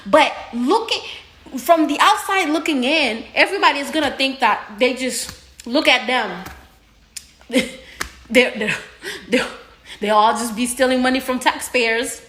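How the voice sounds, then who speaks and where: Sex: woman. Pitch: high. Tone: bright and sharp. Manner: earnest, exasperated. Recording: echoey room. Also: unhurried, long pauses. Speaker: social media commentator. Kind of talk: casual opinion commentary.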